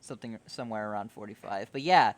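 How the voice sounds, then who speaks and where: A man's voice: fairly low pitch, fast. A man hosting a podcast in a loose, rambling chat, swearing and laughing easily. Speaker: podcast host. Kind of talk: casual chat.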